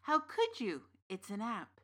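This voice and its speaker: A woman's voice: fairly high pitch, wildly swooping pitch, measured pace, voice pushed up, full character voice. A woman reading the lines of an earnest, grieving young man full of questions in an audiobook story.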